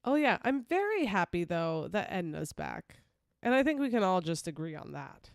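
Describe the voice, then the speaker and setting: A woman's voice: on the low side, very animated, moderate pace, no room sound, clean studio sound. A woman co-hosting a podcast in casual, emphatic chat, laughing often. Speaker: podcast co-host.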